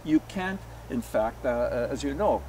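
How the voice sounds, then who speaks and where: A man's voice: medium pitch, expressive, measured pace, a little mellow, a little hiss or hum. Rambling Canadian man, distant mic. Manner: rambling, anecdotal, with many fillers. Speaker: polka musician guest. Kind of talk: casual interview storytelling.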